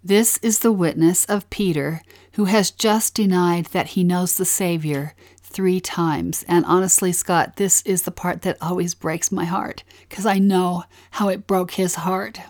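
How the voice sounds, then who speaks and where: A woman's voice: on the low side, fairly even intonation, measured pace, hardly any pauses, a little mellow, no room sound, studio quality. A woman co-hosting a devotional podcast, talking in an earnest, heartfelt way. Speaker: co-host.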